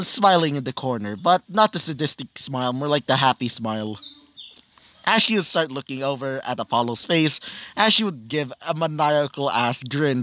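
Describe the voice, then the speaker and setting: A man's voice: medium pitch, a bit bright, no echo. A man narrating improvised fan fiction in a rambling, casual way, with many fillers and self-corrections. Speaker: storyteller.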